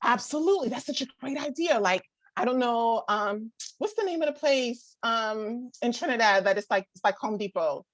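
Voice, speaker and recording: With a fairly high pitch and lively intonation, a woman in her thirties chats with a live group about parenting. She frequently says "like," restarts her sentences, laughs regularly and acts out other people's voices. There's no echo.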